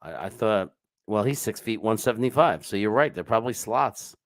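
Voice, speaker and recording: A man's voice: lowish voice, animated, normal speed, dry recording. Rambling chatty man, dry sound. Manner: rambling, chatty, greets viewers by name, swears casually. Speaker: live-stream host. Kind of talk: casual live-stream chat. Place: home setup with screens.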